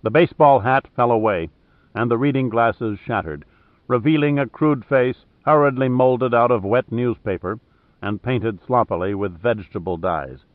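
A man narrating a thriller audiobook in a steady, measured way. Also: medium pitch, no echo. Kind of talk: scripted narration. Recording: dry, tinny phone-like sound.

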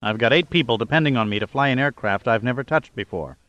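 A man's voice: mid-range voice, fast, fairly bright tone, no echo, dull audio, close to an everyday voice. A man reading a wry male adventurer hero with dry wisecracks.

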